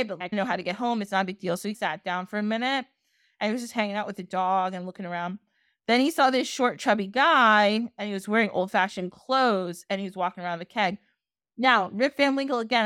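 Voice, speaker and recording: A woman podcast host casually retelling a folktale, chatty and animated, slipping into little voices for the characters. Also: medium pitch, smooth, dry recording, clean studio sound. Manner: chatty, animated, acts out characters with quick asides. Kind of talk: casual storytelling.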